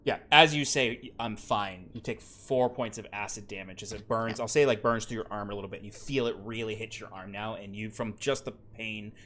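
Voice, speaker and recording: A man's voice: on the low side, steady tone, a little fast, hardly any pauses, a bit bright, a little hiss or hum. A man running a tabletop game as game master, narrating loosely with lots of fillers.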